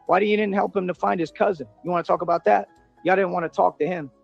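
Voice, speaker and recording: Defiant guy ranting in slang, gravelly raspy voice, bit high. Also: steady tone, fast, highs cut off, faint music behind. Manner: defiant, boastful street slang. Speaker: self-styled independent detective in a played video. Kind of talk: ranting monologue in a played video.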